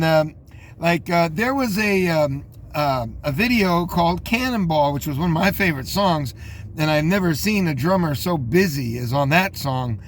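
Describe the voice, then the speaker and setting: Casting: high-pitched man in his fifties, loose chatty host, faint hiss underneath. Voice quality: rambling, many fillers and restarts. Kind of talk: casual commentary.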